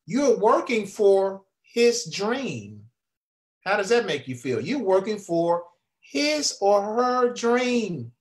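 A man's voice: high voice, roomy sound. A man coaching viewers on income at a whiteboard, preachy, restarting phrases and firing questions at the camera.

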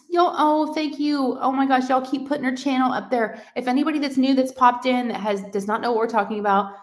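A woman hosting a casual crafting livestream from home, reading comments aloud in a gushing, excitable way. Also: sits high, fairly quick, hardly any pauses. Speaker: livestream host of a crafting channel.

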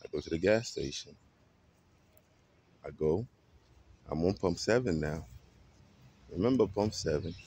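A man with a very low voice recounts a story straight to the camera. He talks casually and dramatically, acting out the quotes and leaning into every twist. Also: breathy edge. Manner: animated, dramatic retelling with acted quotes. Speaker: vlogger.

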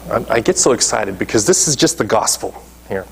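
A man's voice: fairly low pitch, expressive, brisk, vocal fry, a little hiss or hum. A male pastor preaching a sermon emphatically, often checking in with his listeners. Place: church.

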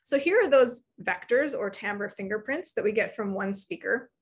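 A woman in her thirties giving an academic lecture, explaining research in a clear, measured way. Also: mid-range voice, lively intonation.

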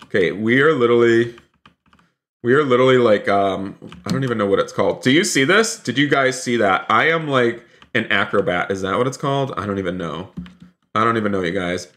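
A man's voice: mid-range voice, brisk, fairly bright tone. A man streaming a role-play game live, chatting to viewers and exclaiming often. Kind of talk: live gaming commentary.

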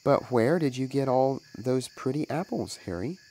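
A man's voice: medium pitch, animated, normal speed, warm tone, pitched above the performer's own voice, natural voice, rough recording. A man voicing an earnest mother who questions her son in decided tones.

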